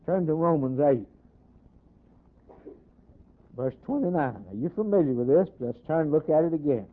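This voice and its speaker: A man preaching a sermon with a slightly high voice, working in waves that climb loud and then sink almost to a hush. He quotes scripture in old-fashioned wording. The sound is thin and narrow, like it came over a phone line. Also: expressive, moderate pace. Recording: tinny phone-like recording.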